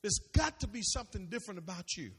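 A man preaching a sermon as pastor, calling out questions for the congregation to answer and sometimes shouting. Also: high-pitched, animated, fast talker, gravelly, slightly rough. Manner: preachy call-and-response, rising to shouts. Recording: long reverb of a large hall.

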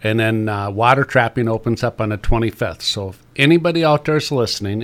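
A middle-aged man, a trapper chatting on the radio in a folksy, rambling way with many fillers. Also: on the low side. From Upper Peninsula of Michigan. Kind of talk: casual radio chat.

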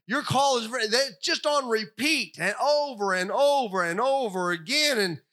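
An older man preaching a sermon, animated and storytelling, acting out the voices he quotes. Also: very high voice, moderate pace. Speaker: pastor.

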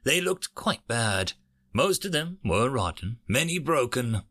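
A man reading a sci-fi short story aloud as host of a narration channel, with expressive delivery. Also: medium pitch, unhurried.

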